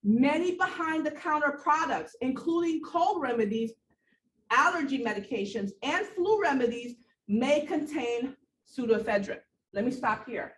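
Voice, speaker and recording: Animated woman lecturing in an echoey room. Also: sits high, unhurried, distant mic. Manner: animated, repetitive emphasis, talks to students directly. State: out of breath. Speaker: nursing instructor. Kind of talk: classroom lecture. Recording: echoey room, voice from afar, faint background noise.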